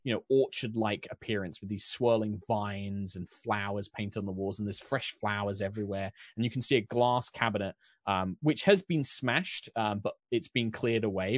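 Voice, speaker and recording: A man's voice: fairly low pitch, dry recording, clean studio sound. A man narrating as dungeon master, describing scenes in a rambling way full of fillers. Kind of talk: narrating a tabletop game.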